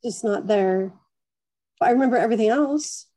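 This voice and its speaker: A woman with a somewhat high yet mellow, warm voice, speaking earnestly and searchingly as she recounts an experience. She talks in a casual group discussion. The sound is dry and close. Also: moderate pace, no room sound, poor audio.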